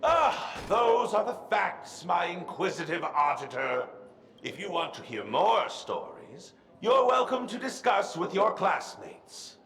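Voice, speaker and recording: An actor playing a theatrical male storyteller in a game, grand and teasing, with showy, booming delivery. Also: very animated, takes it slowly, a bit bright, heavily acted. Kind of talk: game voice acting. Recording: roomy echo.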